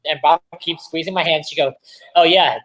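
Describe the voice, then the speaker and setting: A drag performer in casual chat, telling a pageant story and acting out other people's words loudly. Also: female voice, deep voice, a little fast, low-quality recording. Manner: animated storyteller, acts out quotes loudly. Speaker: drag pageant queen guest.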